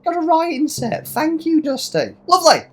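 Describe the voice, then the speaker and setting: A woman's voice: high-pitched, sing-song, moderate pace. A woman playfully narrating a video game, swearing freely and reading the characters' lines aloud. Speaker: let's play host. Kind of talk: casual gameplay commentary.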